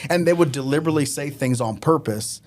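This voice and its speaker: A man telling casual stories as a podcast guest, animated and often laughing as he talks. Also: fairly high pitch, fast. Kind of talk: casual storytelling.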